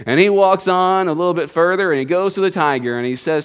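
A man's voice: a little high, a little fast, clean tone. A man preaching a sermon to his congregation in a folksy storytelling manner, with jokes and asides. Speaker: pastor.

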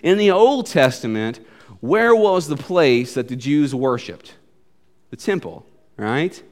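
A man preaching a sermon, animated, and often repeating a short refrain. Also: medium pitch, slow pace. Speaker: pastor.

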